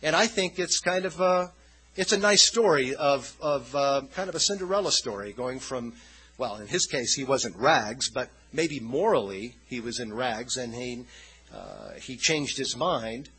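Male preacher, husky tone with a bright, forceful edge; chatty, rambling sermon delivery. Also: medium pitch, animated, a little slow, rough recording. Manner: conversational, loose and rambling. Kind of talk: informal sermon.

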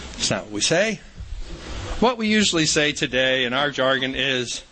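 A male preacher delivering a sermon in a relaxed, folksy storytelling manner. He repeats key phrases for emphasis. His voice has a bright, forward edge at an ordinary male pitch. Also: unhurried, slight background noise, poor audio.

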